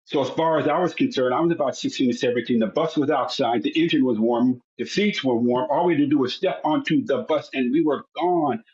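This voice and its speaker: A man's voice: medium pitch, brisk, few pauses, darkish tone, highs cut off. A man in his sixties, a podcast guest, telling his family story and acting out the voices of his relatives. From United States. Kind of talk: personal storytelling.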